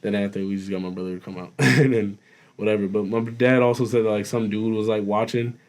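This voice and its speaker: A young man co-hosting a podcast, telling a story in casual chat, animated and profane, laughing as he goes. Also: on the low side, fast talker. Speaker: podcast co-host.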